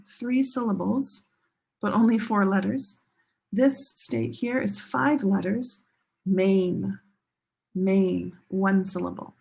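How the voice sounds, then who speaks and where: A woman teaching English pronunciation in a classroom lesson, slowly modeling each word and stressing syllables with care. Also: medium pitch, a little mellow. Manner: slow, deliberate modeling of words with clear stress.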